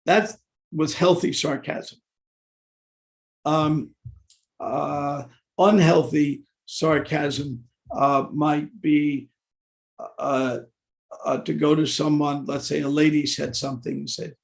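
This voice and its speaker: An older man with a gravelly, fairly high voice gives a devotional scripture class. He talks genially and haltingly, with fillers and restarts. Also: steady tone. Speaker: class speaker.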